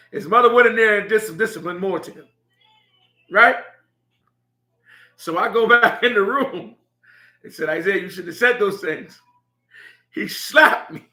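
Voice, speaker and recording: A man's voice: sits high, a little slow, pauses often, sharp tone. A middle-aged man telling a heartfelt story about his son, laughing now and then as he speaks. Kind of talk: personal storytelling. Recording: echoey room.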